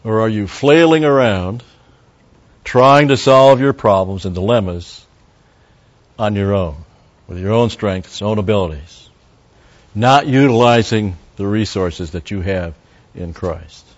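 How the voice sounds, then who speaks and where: Low-voiced man teaching scripture. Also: a little slow, pauses often, dull audio. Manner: conversational, digresses into Hebrew word study; wry asides to the congregation. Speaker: Bible teacher. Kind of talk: verse-by-verse sermon.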